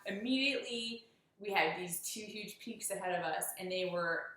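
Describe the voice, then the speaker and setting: A woman's voice: mid-range voice, moderate pace, pushed and bright, very echoey, distant mic, low-quality recording. A woman chatting casually through an after-show recap of a hike. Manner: chatty storytelling. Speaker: hiker vlogger.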